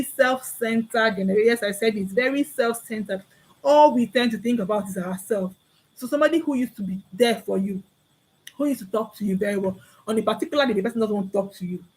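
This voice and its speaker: A woman's voice: on the high side, fast, a little mellow, breathy edge, low-quality recording. A young woman with a Nigerian accent giving an earnest, preachy talk to camera, repeating key phrases and acting out small bits of dialogue. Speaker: vlogger.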